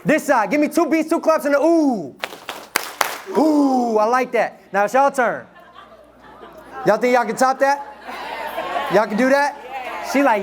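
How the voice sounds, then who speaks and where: A young man from Detroit with a very high voice leads a live audience through playful call-and-response during a motivational talk. He sounds energetic and teasing. The live room recording carries clear crowd sounds and noise. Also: measured pace, pauses often. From Detroit, USA. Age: 20s. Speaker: motivational speaker.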